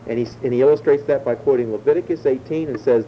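A man delivering a sermon with a very dark, mellow voice, pitched in the middle range for a man. He teaches verse by verse in a measured way, slowing down to lean on key words. A faint low rumble runs under the recording. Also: rough recording. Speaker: pastor.

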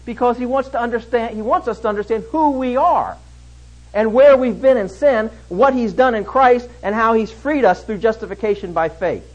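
A man preaching an expository sermon, emphatic, swinging between loud stresses and hushed lines. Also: very high-pitched, normal speed, highs cut off.

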